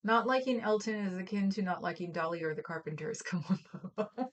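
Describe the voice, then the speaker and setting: A woman's voice: lowish voice, lively intonation, quick pace. A woman from Oakland, California, co-hosting a livestream in casual, rambling chat full of stories and fillers. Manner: rambling, storytelling, trails off with fillers. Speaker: livestream co-host.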